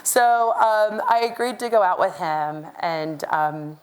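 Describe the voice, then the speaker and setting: A middle-aged American woman from Kentucky giving a chatty, lively keynote talk, acting out what people said. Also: medium pitch, slow, clear, resonant tone. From Louisville, Kentucky. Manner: chatty, lively, quotes people in animated voices. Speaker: keynote speaker. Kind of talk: conference keynote storytelling.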